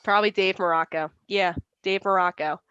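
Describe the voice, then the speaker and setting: A young woman chats casually as an interview guest, laughing often and acting out what others said. Her voice is at a middle pitch for a woman. It comes through dry and slightly dull, like a video call. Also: fairly even intonation, a little fast, sharp tone, clean tone, no echo. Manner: chatty, laughs often, acts out quoted voices. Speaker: interview guest, arm wrestler.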